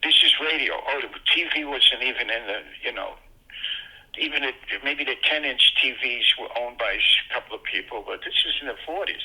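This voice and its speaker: An older Brooklyn man, a guest in a casual chat, tells childhood stories at a fairly quick clip over poor audio. He's animated, leaping into excited high voices whenever he quotes someone.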